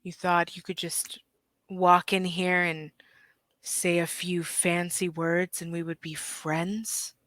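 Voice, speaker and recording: A woman voicing a huge, suspicious old male merman king in a tabletop game, speaking in a low, hushed and menacing way. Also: flat delivery, slow pace, dry recording.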